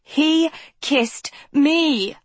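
A woman's voice: mid-range voice, measured pace, no echo, pitched above the performer's own voice, natural voice. A woman voicing a young elfin boy who pleads with a wavering, tearful voice. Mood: pleading. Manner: pleading, voice wavering near tears.

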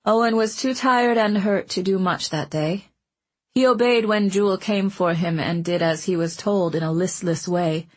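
A woman narrating a children's fantasy audiobook in a gentle, measured storytelling manner. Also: medium pitch. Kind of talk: scripted narration.

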